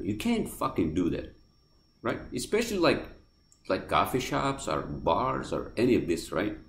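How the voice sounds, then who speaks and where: A man with a non-native accent rants on his podcast, cursing constantly and circling back over the same points. His voice sits low but leaps around with lively swings, and the room adds a noticeable echo. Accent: non-native accent of English. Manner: heated, profane, swears constantly, repeats himself. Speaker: podcast host. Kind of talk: casual monologue rant. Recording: roomy echoey room.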